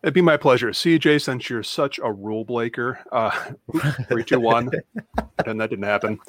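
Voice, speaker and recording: A man's voice: mid-range voice, moderate pace, fairly bright tone, no room sound, studio quality. A man on a casual sneaker podcast, teasing a co-host with a mock-ceremonial award speech.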